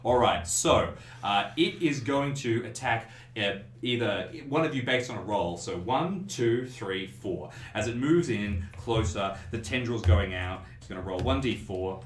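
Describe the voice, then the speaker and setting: A man running a tabletop horror game as game master, giving vivid descriptive narration with quick laughs. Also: fairly low pitch, animated. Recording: roomy echo, faint noise.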